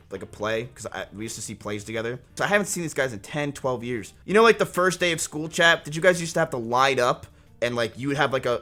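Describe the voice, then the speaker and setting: A man's voice: medium pitch, pushed and bright. A man in his twenties casually telling a rambling story to his stream chat, swearing often. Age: 20s.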